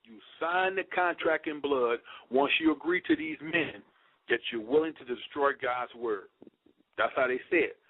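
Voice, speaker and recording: A man's voice: medium pitch, big pitch swings, normal speed. Preachy man on a tinny line. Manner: emphatic, preachy, slangy, repeats points. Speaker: speaker addressing listeners. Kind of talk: conspiracy lecture. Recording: dry tinny phone-like sound.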